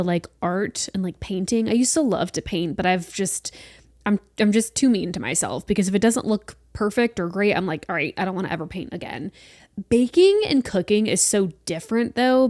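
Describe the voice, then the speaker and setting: A young woman in her twenties talks through her week on a solo podcast, chatty and rambling, quick to poke fun at herself. Her voice sits at an ordinary middle pitch. It is recorded close on a podcast mic in a dry room with no echo. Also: darkish tone. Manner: chatty, rambling, self-deprecating. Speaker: podcast host. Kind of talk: casual solo podcast chat. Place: small room at home.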